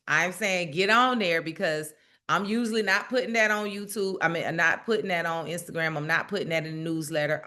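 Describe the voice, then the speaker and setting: A woman's voice: fairly low pitch, fairly bright tone. A woman hosting a casual spiritual livestream, chatting directly to her viewers and laughing often.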